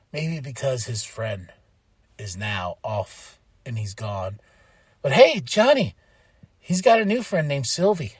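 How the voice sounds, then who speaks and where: A man hosting a podcast, giving a casual, rambling recap of a show with frequent laughs and excited bursts. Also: fairly high pitch, no echo, clean studio sound. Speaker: podcast host.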